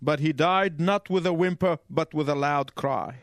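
A man preaching a sermon in measured, emphatic phrases, pausing for his interpreter. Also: fairly high pitch, no echo, studio quality.

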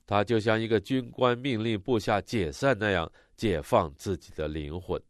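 A man interpreting a sermon line by line, expressive and rising on the quoted cries. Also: lowish voice, moderate pace, dry recording, studio quality.

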